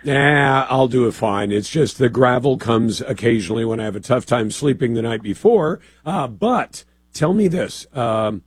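A man hosting a talk radio show, with a gravelly, hoarse voice and a pointed, conversational way of questioning. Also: mid-range voice, normal speed, few pauses, no echo.

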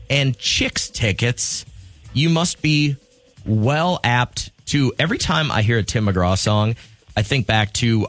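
A man's voice: medium pitch, no echo. A man hosting a morning radio show, running a call-in trivia contest in an upbeat, jokey way.

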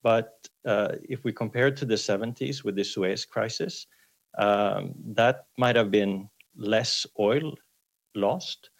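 Male professor guest, gravelly low voice, hesitant with fillers, breaking-up remote line. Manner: hesitant, many fillers, quiet. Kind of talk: interview answers over a remote line.

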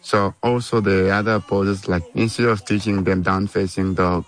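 A man's voice: sits low, little pitch movement, normal speed, low-quality recording. A man working as a community yoga teacher, talking earnestly in short, simple phrases in a documentary interview.

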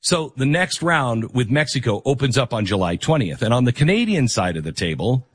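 A man's voice: medium pitch, very animated, brisk, husky. A man hosting a radio talk show, talking casually with lots of fillers, restarts and sarcastic asides. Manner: rambling, chatty, sarcastic asides. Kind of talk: conversational radio monologue and host-read ad.

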